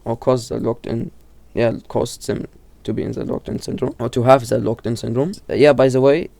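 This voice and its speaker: A man's voice: mid-range voice, steady tone, fairly quick, gravelly, warm tone, no room sound. A man casually explaining horror lore, often stumbling, restarting and correcting himself, with lots of fillers. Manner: informal, filler-heavy delivery.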